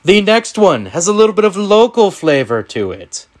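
A man hosting a casual sports picks podcast with friends, running the games in a playful, animated way. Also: sits high, moderate pace. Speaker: podcast host.

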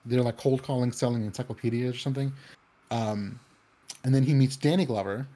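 A man's voice: medium pitch, fairly even intonation, brisk, mellow. A man chatting casually, rambling with many fillers and restarts. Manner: acts out quoted voices in anecdotes. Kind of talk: casual chat.

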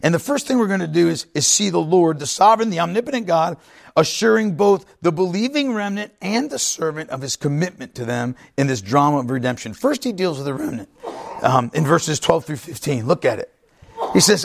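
A man's voice: fairly high pitch, expressive, brisk, creaky. A man pastor preaching an emphatic sermon, often checking in with the congregation. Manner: emphatic, repeats himself, asks the congregation "right?".

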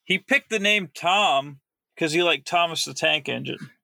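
A man co-hosting a casual sports betting podcast, matter-of-fact and halting, often correcting his partner. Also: fairly high pitch, vocal fry, pushed and bright, no echo, studio quality. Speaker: podcast co-host.

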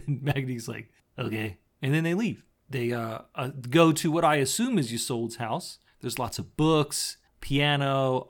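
Podcast co-host, male, gravelly mid-pitch voice, casual scene-by-scene recap with quoted lines. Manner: retells scenes with quick quoted voices and frequent laughs. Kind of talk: casual chat recapping a TV episode.

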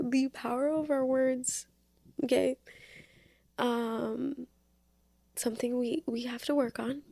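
Young woman, casual faith podcast, slow and unhurried, some vocal fry, dry close sound. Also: a little high, steady tone, warm tone, no room sound. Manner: chatty, lots of fillers, earnest. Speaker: podcast host.

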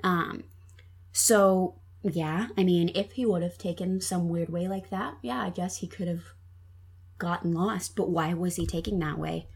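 A woman's voice: fairly low pitch, steady tone, unhurried, gravelly, slightly rough. A woman telling a true crime story in casual chat, with lots of ums and likes. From Minnesota. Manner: chatty, many ums and likes. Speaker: podcast guest telling a true crime case.

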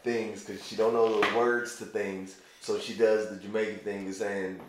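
A man talks in a loose, rambling way and keeps circling back with fillers as he makes his point. His voice sits low. The room is very echoey around him. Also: level tone, normal speed, background noise. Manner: loose and rambling, heavy use of "like". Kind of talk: casual conversation.

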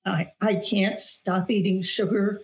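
A woman's voice: medium pitch, fairly even intonation, takes it slowly. A middle-aged woman, a guest on an interview show, telling a personal testimony in an earnest, emphatic way, often repeating phrases for weight. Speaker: guest, author and weight loss coach.

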